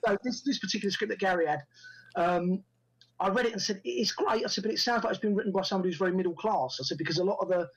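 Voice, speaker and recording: The guest, an actor and writer, races through animated tales of his acting career in a high, slightly rough voice, acting out quoted lines as he goes. It's a low-quality recording of a podcast interview.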